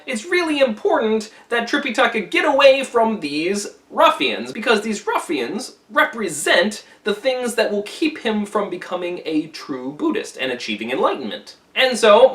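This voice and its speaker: A man teaching a classic story in a wry, casual, conversational way, pausing to comment on its meaning. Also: sits high, bright, forceful tone, distant mic. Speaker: literature teacher.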